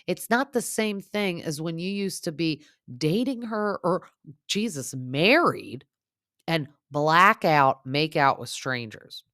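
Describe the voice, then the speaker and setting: A woman's voice: deep voice, lively intonation, takes it slowly, fairly bright tone, no room sound, studio quality. A young adult woman hosting a podcast, chatting casually and opinionatedly about reality TV, with lots of "like" fillers. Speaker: podcast host. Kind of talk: casual reality TV recap chat.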